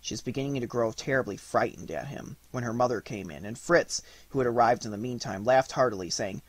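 Guy reading a christmas storybook, kinda husky, voice goes up and down a lot, dry close mic. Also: medium pitch, fairly quick, few pauses, no room sound. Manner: expressive, lively read. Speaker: audiobook narrator. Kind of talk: storybook narration.

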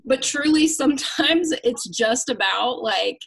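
A woman hosting a casual live chat, candid and self-mocking, getting animated when she quotes herself. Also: high-pitched, a little slow, creaky, breathy edge, low-quality recording. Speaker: host.

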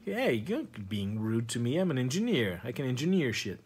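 A man's voice: mid-range voice, big pitch swings, moderate pace, darkish tone, a little hiss or hum, lightly acted. A man playing a prim, touchy engineer. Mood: indignant. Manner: indignant and fussily polite.

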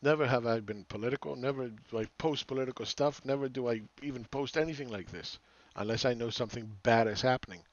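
A man's voice: mid-range voice, quick pace, few pauses, no echo, lo-fi sound. A man hosting a market commentary channel, ranting sarcastically with exasperation and repeating phrases for emphasis. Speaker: market analyst host.

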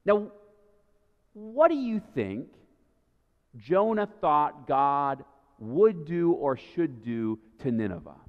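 A man preaching a sermon as a pastor, in a conversational way, often checking in with the listener by asking "right?". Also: mid-range voice. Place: church sanctuary. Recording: dull sound with long church reverb.

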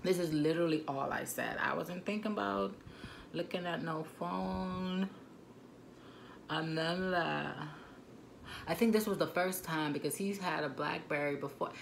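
A woman in her twenties with a Turks and Caicos Islands accent telling a storytime vlog, animated and indignant, with frequent asides, on a phone camera mic. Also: low-pitched, creaky, slight background noise. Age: 20s. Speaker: vlogger.

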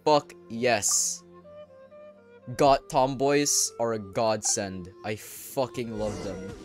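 Young man, gameplay commentary, crude, excitable, sudden loud outbursts, faint game music. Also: on the low side, drawn-out words. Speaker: gaming YouTuber.

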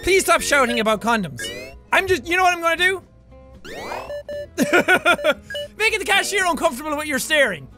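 A man giving loud, excitable let's play commentary on a close desk mic, swearing often and laughing between lines. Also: very high-pitched, moderate pace, pauses often, music in the background. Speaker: gaming YouTuber.

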